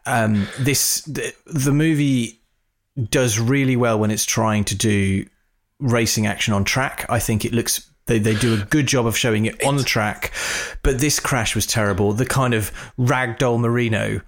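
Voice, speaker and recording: A man co-hosting a podcast, chatting casually about a film and breaking into animated, high-pitched mock reactions. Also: a little slow. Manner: animated, mimics reactions in raised voice. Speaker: podcast co-host. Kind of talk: casual film review chat.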